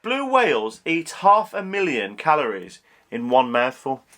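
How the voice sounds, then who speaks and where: A man co-hosting a relaxed chat, his voice rising and falling a lot as he teases and jokes. He keeps the talk playful and light. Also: mid-range voice, measured pace. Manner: teasing, jokey and playful. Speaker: co-host. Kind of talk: casual podcast chat.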